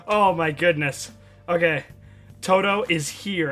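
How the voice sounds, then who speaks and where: A man hosting an anime reaction, talking casually and excitably, swearing freely and laughing often. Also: sits high, measured pace, soft background music. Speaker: anime reaction channel host.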